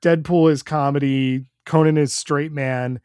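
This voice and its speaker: A man's voice: a little high, fairly even intonation, a little slow, darkish tone, clear, resonant tone, no room sound, clean studio sound. A man co-hosting a comics podcast, recapping the plot in an easygoing way with fillers. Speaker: podcast co-host. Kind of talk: casual comics chat.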